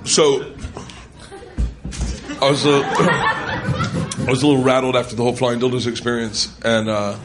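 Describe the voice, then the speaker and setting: A man doing stand-up storytelling on a comedy club stage, loud and animated, laughing as he tells it. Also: medium pitch, unhurried, long pauses. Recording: loud noisy live recording.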